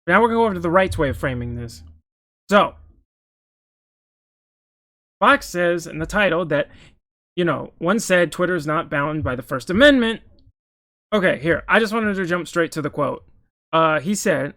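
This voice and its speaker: A man with a notably high-pitched voice delivers casual political commentary, reacting to news pieces. He talks in an opinionated, heated way and keeps breaking off to restart his sentences. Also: lively intonation, moderate pace, long pauses, a bit bright.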